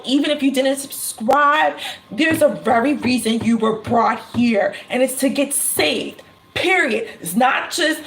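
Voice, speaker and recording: A woman speaks to her viewers as a tarot reader and spiritual channeler in a casual, preaching-style talk. Her voice sits high and her delivery is slow and unhurried. She drives her points home by repeating phrases and laughs often.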